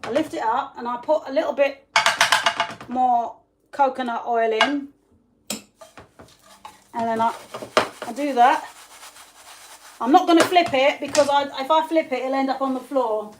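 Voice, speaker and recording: A woman from England with an English accent, hosting a live cooking stream in her kitchen, chatty and quick to laugh as she greets viewers. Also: high-pitched, heavy background noise. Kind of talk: casual live-stream chat while cooking. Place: home kitchen. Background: pots and pans clattering faintly.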